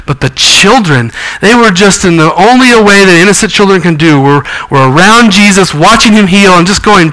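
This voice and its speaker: Male pastor, bright tense voice, somewhat high, earnest sermon delivery. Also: lively intonation, normal speed, hardly any pauses, low-quality recording. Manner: earnest preaching with scripture reading and acted quotes.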